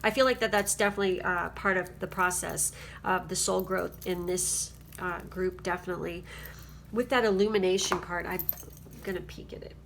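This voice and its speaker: A woman's voice: lowish voice, fairly even intonation, normal speed, vocal fry, fairly bright tone, slight background noise. A woman giving a casual spiritual card reading at home, rambling and chatty and often checking in with her listeners. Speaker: tarot card reader.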